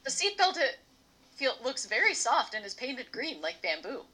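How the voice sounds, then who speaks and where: A woman's voice: sits high, sing-song, moderate pace, pushed and bright. A woman narrating as game master of a tabletop role-playing game, playful and swearing casually.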